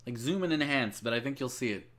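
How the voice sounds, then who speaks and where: A man's voice: medium pitch, lively intonation, quick pace, a bit bright. A man casually commenting while playing a courtroom video game, making rambling jokes and asides over game music. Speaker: let's-play streamer.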